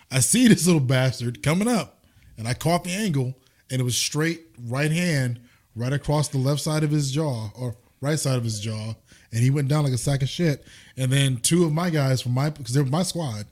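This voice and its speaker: A man's voice: medium pitch, normal speed. A man emphatically telling profane stories in casual chat. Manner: emphatic, profane, lively storytelling. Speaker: veteran guest.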